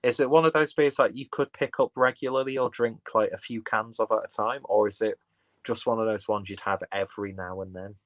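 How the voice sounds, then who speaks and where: A man with a fairly low voice chats in a loose, rambling way, full of fillers and restarts. The sound is close and dry, with little room around it. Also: steady tone, a little fast, dry recording. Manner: rambling, filler-heavy, chatty. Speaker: beer vlogger reading live chat. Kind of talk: casual live-stream chat.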